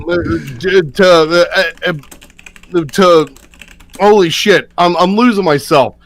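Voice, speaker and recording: A man with a fairly high voice cuts into a live-stream debate. He swears through an escalating, angry tirade. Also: a little slow, low-quality recording. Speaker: stream panelist. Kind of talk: heated live-stream argument.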